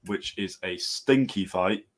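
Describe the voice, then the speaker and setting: A man's voice: deep voice, slow, crowd noise. A man co-hosting a casual boxing chat show, laid-back and hedging, often trailing off. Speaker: co-host.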